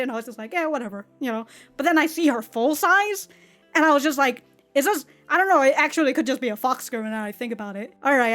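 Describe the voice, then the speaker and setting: A woman with a high voice hosts an anime reaction video in loose, casual chat. She rambles and giggles, and her sentences stall and restart as she thinks aloud. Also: a bit bright. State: running out of breath.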